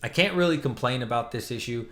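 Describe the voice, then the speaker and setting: A man's voice: mid-range voice, lively intonation, fast, fairly bright tone. A man casually reviewing a comic book, retelling the plot with enthusiastic, chatty energy.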